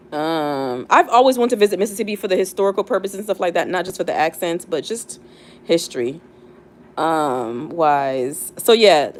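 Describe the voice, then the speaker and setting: A young woman talks casually on a live stream, thinking aloud with plenty of fillers and restarts. Her voice sits a little low for a woman, and her talk stays loose and conversational throughout. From United States, not the South. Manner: chatty and reflective, many fillers and restarts. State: near tears. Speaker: livestream host.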